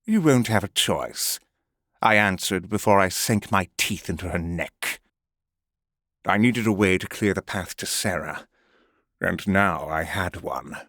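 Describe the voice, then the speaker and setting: A man's voice: sits low, unhurried, fairly bright tone, no echo, clean studio sound. A man narrating a first-person audiobook with a menacing, gloating delivery.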